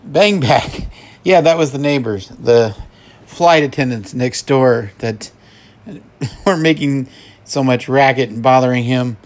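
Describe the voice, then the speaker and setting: Slow, chuckling podcast host man. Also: mid-range voice, darkish tone. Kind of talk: casual film recap.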